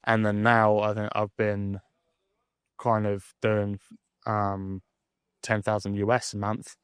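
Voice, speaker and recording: A young man speaks in a low, even monotone, thinking aloud about his life with plenty of ums and restarts. The sound is dry and close, with no room around it. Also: slow, clean tone, dry recording. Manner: candid, rambling, with frequent fillers and restarts. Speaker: vlogger. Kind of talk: reflective personal monologue.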